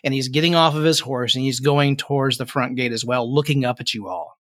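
A man's voice: mid-range voice, fairly quick, a bit bright, dry recording, clean studio sound. A man narrating a tabletop game as game master, describing scenes in a rambling way with many fillers.

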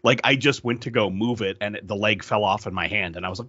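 A man's voice: lowish voice, fast talker, bright, forceful tone, no room sound, highs cut off. A man co-hosting a casual podcast chat, blunt and profane. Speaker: podcast co-host. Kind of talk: casual chat about toy purchases.

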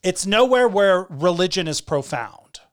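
A woman's voice: fairly low pitch, animated, measured pace. A middle-aged woman co-hosting a casual chat, speaking candidly and earnestly, often restarting her sentences.

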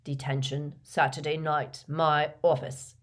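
A woman voicing a cold, sneering male professor in an audiobook reading, speaking in a slow, dismissive, cutting manner. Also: sits low, little pitch movement. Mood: cold disdain.

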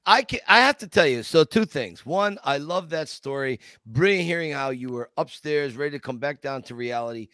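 Male podcast co-host: bright, higher-pitched, upbeat and laughing often, dry close sound. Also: normal speed, hardly any pauses, dry recording. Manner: animated, enthusiastic, laughs often. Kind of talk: casual podcast chat.

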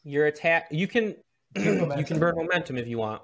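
A man's voice: on the high side, animated, moderate pace, a crowd in the background. A man narrating as game master of a tabletop game, explaining rules with frequent restarts.

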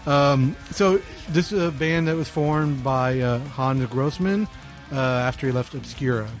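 A man's voice: mid-range voice, unhurried, faint music behind. A man hosting a casual podcast chat about a metal band, leading the talk and joking with his co-hosts. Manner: joking, leads the segment. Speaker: podcast host.

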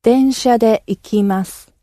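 A woman whose first language is Japanese repeats model phrases for learners, keeping her delivery level and even. Her voice is mellow and recorded dry and close. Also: on the high side, moderate pace, dry recording. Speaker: native speaker model.

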